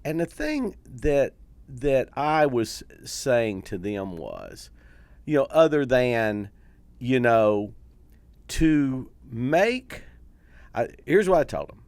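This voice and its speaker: A man's voice: medium pitch, huge pitch swings, slow pace, darkish tone, smooth, no room sound. A male host who also teaches comedy, speaking in a reflective, step-by-step way. His voice rises and falls widely, and it is recorded dry with no room sound. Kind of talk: casual interview chat.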